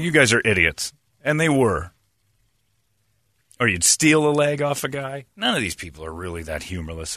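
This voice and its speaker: A man hosting casual studio banter, an animated storyteller who swings his pitch around. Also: dry recording. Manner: animated storyteller, jumpy pitch, mock voices.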